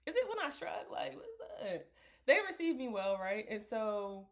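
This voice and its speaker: Young woman, slightly high voice, rambling reflective vlog chat. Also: big pitch swings, moderate pace, fairly bright tone. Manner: rambling, reflective, laughs often. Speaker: vlogger. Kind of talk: casual talk to camera.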